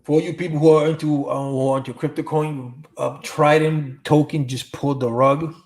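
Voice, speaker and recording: A man's voice: a little high, little pitch movement, moderate pace, darkish tone. A middle-aged man hosting a livestream, answering viewer comments and telling stories in a rambling, casual way, full of street slang and cursing. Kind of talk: casual storytelling chat.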